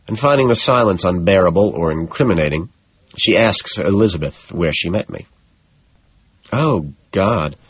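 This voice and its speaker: A man narrating a first-person audiobook in a measured, even way. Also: low-pitched, breathy edge, no echo. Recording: dull, dry lo-fi audio.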